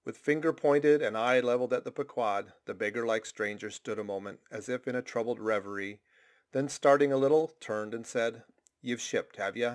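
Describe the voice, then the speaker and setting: A man narrating a classic novel chapter in steady, measured storytelling. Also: medium pitch. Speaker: audiobook reader.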